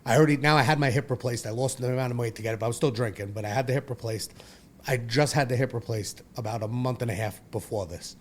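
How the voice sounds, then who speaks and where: A man's voice: medium pitch, quick pace, a little hiss or hum. A man, telling his own story as a podcast guest in a blunt, profane, rambling way. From Brooklyn, New York. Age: 40s. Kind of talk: candid personal storytelling.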